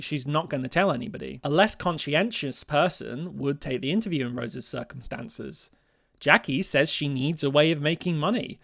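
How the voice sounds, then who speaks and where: Man, video essay host, slightly high voice, gravelly fry, dry close sound, playful and expressive. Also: dry recording. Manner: playful and expressive, laughing at his own jokes. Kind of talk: scripted video essay commentary.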